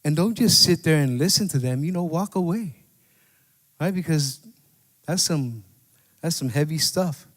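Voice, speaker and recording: A man preaches a sermon in a conversational way, checking in with his listeners as he goes. His voice sits a little high for a man. The sound carries a long reverb, as if from a church hall. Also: measured pace, long pauses, fairly bright tone. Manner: conversational preaching with repeated "right?" and scripture quotes. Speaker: pastor.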